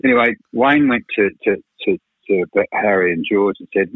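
Husky man telling tales. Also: lowish voice, animated, moderate pace, dry recording. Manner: rambling, frank, peppered with "you know" and swearing. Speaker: record producer. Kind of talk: radio interview storytelling. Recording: tinny phone-like radio line.

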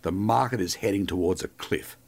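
A man's voice: low-pitched, brisk, gravelly, darkish tone. An older Australian man co-hosting a history podcast, telling the story in a chatty, joking way and calling his co-host mate. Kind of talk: casual history podcast chat.

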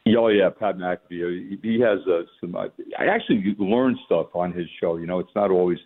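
An older former football coach from the New York area talking as a radio guest, halting with many fillers and restarts. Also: male voice, low voice. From New York metropolitan area. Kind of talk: casual radio interview. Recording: phone line.

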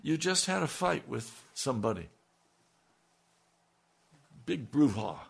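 A man's voice: mid-range voice, very animated, unhurried, gravelly, slightly rough. A man preaching a sermon, asking his listeners pointed rhetorical questions and building to emphatic peaks.

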